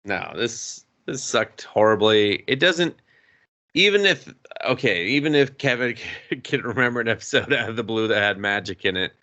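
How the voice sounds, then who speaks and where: A man's voice: medium pitch, lively intonation, moderate pace, bright, forceful tone. A man co-hosting a podcast, chatting casually and ranting profanely about a movie. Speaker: podcast co-host. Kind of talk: casual movie review chat.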